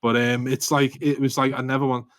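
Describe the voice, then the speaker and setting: A guest author from Liverpool, England, speaks with a Scouse accent on a podcast, telling rambling, self-deprecating stories and laughing often in a casual interview. His medium-pitched voice has little pitch movement and a fairly quick pace. There's a little hiss or hum on the recording.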